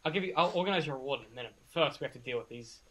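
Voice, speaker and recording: A man's voice: mid-range voice, animated, rapid-fire, sharp tone, rough recording. A man voicing a stern female shopkeeper who questions people curtly.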